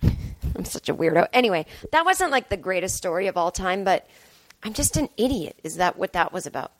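A woman's voice: lowish voice, sing-song, a little fast, no room sound. A young adult woman comedian hosting her podcast, telling a rambling, self-deprecating story full of fillers. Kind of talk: casual podcast monologue.

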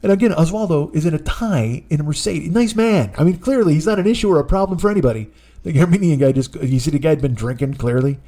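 A man hosting a podcast, telling a comic story in a profane, rambling, animated way. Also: fairly high pitch, quick pace. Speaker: podcast host.

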